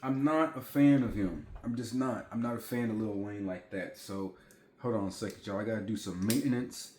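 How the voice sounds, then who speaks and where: Speaking at normal speed in a darkish, low-leaning voice, a man in his forties vlogs from home, telling a chatty story straight to his viewers and repeating himself. The echoey room has a little hiss or hum.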